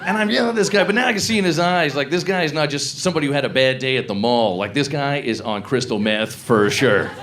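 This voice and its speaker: A man performing a stand-up comedy set, telling a story with animated delivery that rises to shouts. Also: medium pitch, fast talker, few pauses, slight background noise.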